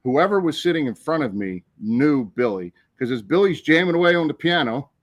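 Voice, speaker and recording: A man telling a story in casual chat on a podcast, animated and profane, acting out the people in it. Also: fairly high pitch, brisk, no room sound. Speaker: podcast co-host.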